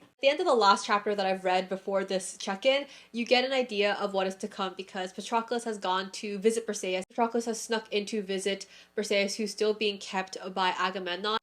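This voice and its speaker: A woman's voice: mid-range voice, a bit bright. A young woman vlogging about books, gushing and emotional, laughing often as she talks. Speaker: book vlogger. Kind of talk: casual reading vlog with read-aloud passages.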